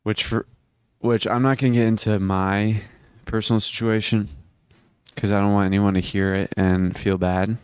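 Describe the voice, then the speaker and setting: A man's voice: on the low side, little pitch movement, normal speed, clear, resonant tone, dry recording. A teenage boy talking in a casual self-improvement vlog, earnest and rambling, often restarting his sentences. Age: teens. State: hiccuping. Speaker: vlogger.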